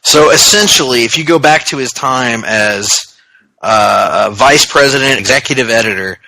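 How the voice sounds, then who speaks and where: A man's voice: medium pitch, moderate pace, gravelly, sharp tone, poor audio. A man co-hosting a casual comic book podcast, rambling and joking as he riffs into silly bits. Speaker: podcast co-host.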